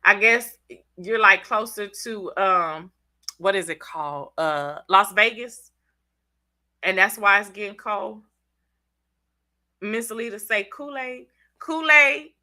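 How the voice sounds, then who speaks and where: A woman's voice: medium pitch, takes it slowly, long pauses, bright, forceful tone. A congested woman with a Southern US accent, hosting a casual live stream, chatting in slang and teasing viewers by name. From Southern United States. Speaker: channel host reading live chat.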